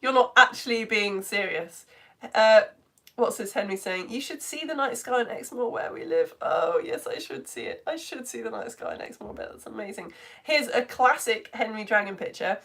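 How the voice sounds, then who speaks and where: A woman's voice: a little high, lively intonation, moderate pace, bright, forceful tone. A woman teaching a live online lesson, reading viewers' comments aloud in a bubbly, exclamatory way with delighted gasps.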